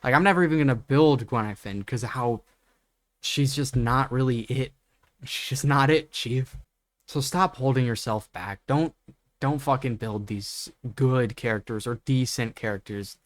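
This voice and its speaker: A young man rants unscripted into a desk mic, exasperated and swearing freely. His talk is full of fillers and restarts. The sound is dry and close, at a middling pitch. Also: moderate pace, no room sound. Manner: exasperated, profane, many fillers. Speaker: gaming YouTuber. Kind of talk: unscripted rant.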